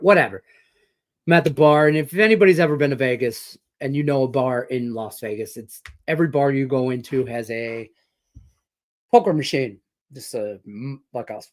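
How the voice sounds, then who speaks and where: A middle-aged man from Detroit hosting a sports betting show, chatting casually and rambling through a profane story full of fillers. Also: medium pitch. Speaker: sports betting podcast host. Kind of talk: casual chat with betting picks.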